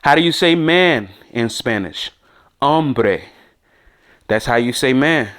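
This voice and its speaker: In a slow, animated delivery, a man from the US with a mid-range, slightly bright voice teaches beginner Spanish words on a podcast. The lesson is casual; he thinks aloud and repeats the words for listeners to echo back.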